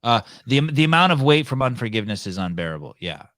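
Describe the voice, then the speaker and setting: A man hosting a live call-in podcast, talking in a rambling, halting way with many restarts. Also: mid-range voice, very animated, fairly bright tone, no echo, clean studio sound. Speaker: podcast host.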